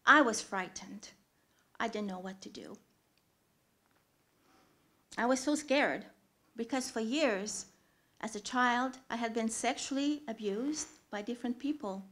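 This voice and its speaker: Woman storyteller, live on stage, earnest with pauses and loud swells, slightly higher voice. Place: theatre stage.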